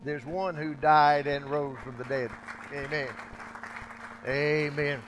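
A man preaching a sermon, emphatic and repetitive, his loudness dropping low and swelling back up. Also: fairly even intonation, takes it slowly, crowd noise, noisy background. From United States.

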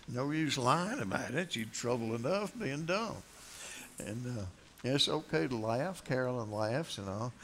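A man's voice: medium pitch, lively intonation, unhurried, fairly bright tone, a little hiss or hum. An older man preaching a folksy, rambling sermon, joking with his congregation between many fillers and restarts.

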